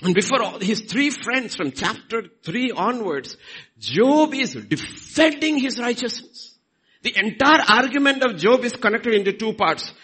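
Indian male pastor, middle-aged, bright and husky, lively pitch swings, dramatic delivery. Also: a little slow, rough recording. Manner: dramatic, swings between loud emphasis and soft asides. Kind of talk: sermon.

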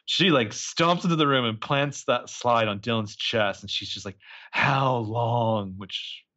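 A man co-hosts a casual podcast, recounting scenes in quick quoted asides with loose swearing. His voice sits in a middle pitch, and the recording sounds a little dull and lo-fi. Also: expressive, pushed and bright. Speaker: podcast co-host recapping a show. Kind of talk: casual chat recap.

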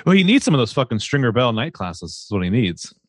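A man's voice: mid-range voice, big pitch swings, fast talker, no echo, studio quality. A man co-hosting a podcast, chatting casually with profane, exasperated ranting. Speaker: podcast co-host. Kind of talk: casual chat.

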